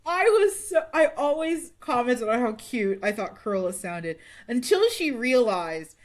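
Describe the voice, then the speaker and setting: A woman's voice: on the high side, big pitch swings. Playful woman podcast host. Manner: playful, laughing, then brisk sponsor read. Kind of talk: casual podcast chat.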